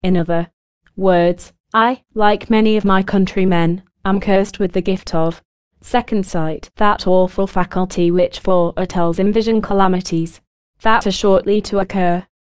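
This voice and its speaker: A woman voicing a shaken British army officer with second sight, speaking low and firm. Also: steady tone, darkish tone, clear, resonant tone, no room sound, lightly acted. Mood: grave. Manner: low, firm, slow confession.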